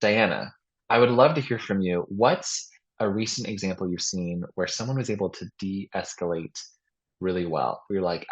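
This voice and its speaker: A man's voice: sits low, moderate pace, breathy edge. A man hosting a podcast, telling stories in a casual way and acting out the voices of the people in them. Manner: animated, acts out voices in his stories. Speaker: podcast host. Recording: dull, muffled lo-fi sound.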